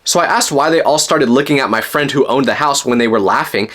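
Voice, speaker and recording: A man's voice: mid-range voice, a little fast. A young man narrating a personal story in a casual, jokey storytime style. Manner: animated, jokey, with sudden loud outbursts in quoted lines.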